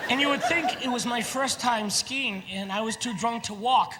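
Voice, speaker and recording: A man doing a stand-up comedy routine, animated and shouting his punchlines. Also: extremely high pitch, moderate pace, heavy background noise. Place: large theater stage before a live audience. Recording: live hall recording with loud crowd laughter. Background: audience laughter.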